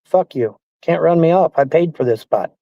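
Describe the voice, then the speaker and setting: Vocal fry colors this man's fairly high, animated voice as he rants at a moderate pace on stream. He's indignant and foul-mouthed, repeating his complaints, and the lo-fi stream audio is dull but has no echo.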